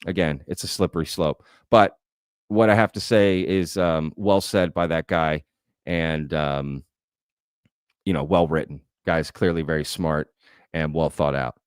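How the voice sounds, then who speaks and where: A man's voice: rumbling low, steady tone, measured pace, clear, resonant tone, no echo, studio quality. A man hosting a livestream Q&A, thinking aloud in a conversational way and often tagging his points with "right?". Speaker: host. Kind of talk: livestream Q&A, reading chat comments.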